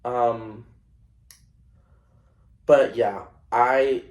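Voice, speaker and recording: Young man, podcast host, casual storytelling, slow pace, roomy echo, lots of fillers. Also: medium pitch. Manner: animated, self-conscious storytelling with many fillers. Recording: echoey room.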